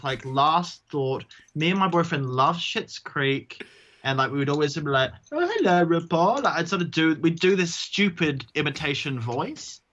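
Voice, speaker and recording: A man, a drag queen guest chatting casually in an interview, self-mocking and quick to slip into silly voices. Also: a little high, pushed and bright, highs cut off.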